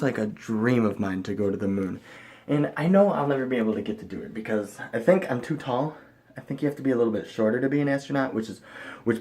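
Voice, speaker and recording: Young male vlogger, excitable and rambling, loud bursts then mumbles. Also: on the low side. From Chicago area, USA. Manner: excitable, rambling, jumps between loud enthusiasm and mumbling asides. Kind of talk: rambling casual vlog monologue.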